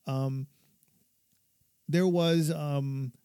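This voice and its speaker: A man's voice: a little high, fairly even intonation, very slow, dark tone, clean tone, no echo, clean studio sound. Profane, laughing man telling war stories. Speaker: podcast guest or co-host, military veteran. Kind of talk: casual conversation, personal stories.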